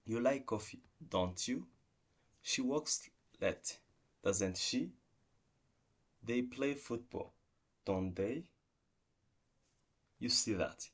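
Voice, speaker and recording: A man teaching an online English grammar lesson, explaining slowly and going through example sentences one by one, with restarts and non-native phrasing. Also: medium pitch, animated.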